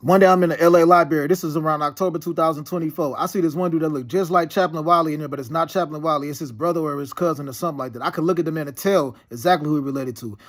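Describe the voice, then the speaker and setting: A man's voice: fairly high pitch, steady tone, racing, hardly any pauses. A man talking in a rambling, profane, heated and insistent monologue. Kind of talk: casual monologue.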